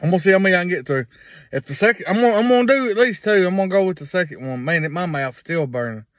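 A man's voice: sits high, animated, very fast, no room sound, low-quality recording. A man, rambling through a casual video blog in a folksy way and repeating himself. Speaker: vlogger.

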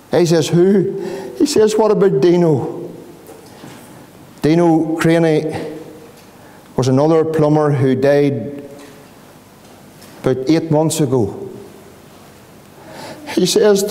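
Middle-aged Northern Irish preacher, raised voice, pleading and impassioned, long hall echo. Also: male voice. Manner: pleading, rising to impassioned pitch and slowing to hushed questions. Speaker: pastor. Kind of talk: evangelistic sermon. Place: church hall.

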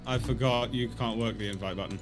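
A man's voice: medium pitch, fairly even intonation, fast, music in the background. A man joining a live game stream, teasing his friend in casual chat.

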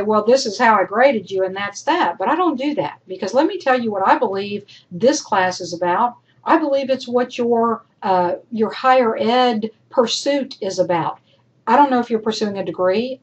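A woman college instructor recording feedback for her class, emphatic and encouraging, talking straight to her students, her voice worn and going hoarse. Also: on the high side, poor audio.

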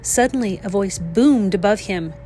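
A woman's voice: mid-range voice, moderate pace, slight background noise. Woman reading a picture book aloud. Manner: clear, expressive reading pace. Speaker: teacher. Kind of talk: read-aloud storybook narration.

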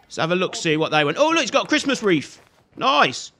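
A man's voice: high-pitched, big pitch swings, a little fast, sharp tone, faint music behind. A man giving chatty, jokey let's-play commentary and scolding the enemies on screen. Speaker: gaming video host.

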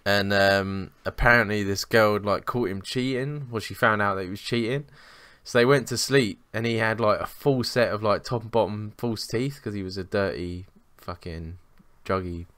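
Young man, podcast co-host, low-ish bright and clear voice, sweary self-mocking storyteller. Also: normal speed, hardly any pauses, no room sound. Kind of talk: casual chat, storytelling.

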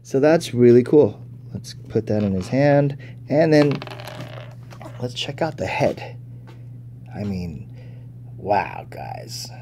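Male toy reviewer, unhurried and soft-toned, casual and chatty. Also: medium pitch, big pitch swings, a little hiss or hum. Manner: chatty, thinking aloud, easily impressed. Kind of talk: casual unboxing commentary.

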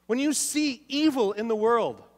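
High-voiced pastor in a reverberant church. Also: male voice, animated, measured pace. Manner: emphatic, repeats key phrases, questions the congregation. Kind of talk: sermon. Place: church sanctuary.

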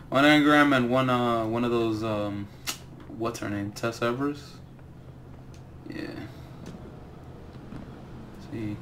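A young man commentating his own game stream at an unhurried pace, his voice sitting at an ordinary middle pitch. He swears freely and rants about the items the game keeps handing him. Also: fairly bright tone, a little hiss or hum. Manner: profane, ranting about loot drops. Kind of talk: live gaming commentary.

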